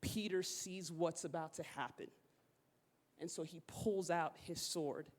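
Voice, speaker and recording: A woman's voice: fairly low pitch, a little slow. A woman preacher telling a story in a sermon, casual and slangy, acting out the people she quotes. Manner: animated, slangy, acts out quotes. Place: church sanctuary.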